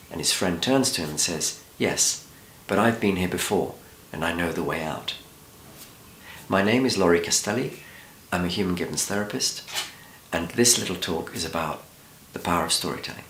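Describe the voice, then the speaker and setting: A man who works as a therapist, giving a calm, measured talk that opens with a story. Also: low-pitched. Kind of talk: scripted talk. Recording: roomy echo.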